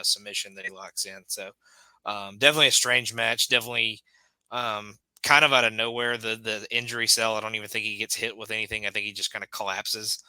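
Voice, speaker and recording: A man's voice: on the low side, pushed and bright, clear, resonant tone, no echo, poor audio. A man co-hosting a wrestling podcast, talking in a hesitant way with lots of "uh" and restarts. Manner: hesitant, many fillers and restarts. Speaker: podcast co-host. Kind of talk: casual chat recapping wrestling.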